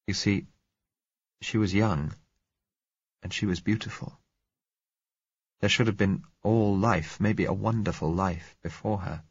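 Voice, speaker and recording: A man narrating a story in the first person, in a measured, reflective way. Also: deep voice, husky, no room sound. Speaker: audiobook narrator. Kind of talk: scripted narration. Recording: dull lo-fi recording.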